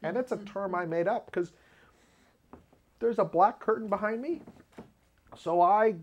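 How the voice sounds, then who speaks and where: A man hosting his own show, talking in a rambling, self-mocking way and often laughing at his own jokes. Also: measured pace. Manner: lively pitch jumps when acting out quotes. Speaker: video show host. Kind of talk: casual comedic monologue. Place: home studio with black curtain behind.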